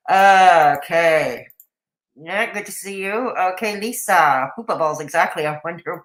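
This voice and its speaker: A woman's voice: mid-range voice, fairly bright tone, reverberant, low-quality recording. A woman hosting a reaction stream, talking back to a clip with sarcastic, profane asides and chatting with viewers. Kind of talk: casual reaction commentary.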